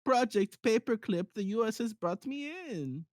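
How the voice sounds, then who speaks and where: A man voicing a smug German scientist, a former Nazi, in a put-on German accent and a high mocking voice. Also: animated, a little slow, a little mellow, no echo, clean studio sound.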